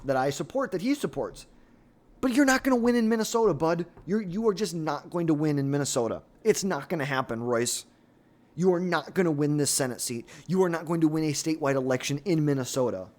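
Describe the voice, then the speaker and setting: A man giving solo political commentary, blunt and opinionated, with exasperated asides. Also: fairly high pitch.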